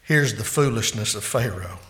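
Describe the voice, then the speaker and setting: A man preaching a sermon as pastor, swinging between loud, emphatic climaxes and quieter, hushed asides. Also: on the low side, animated, normal speed.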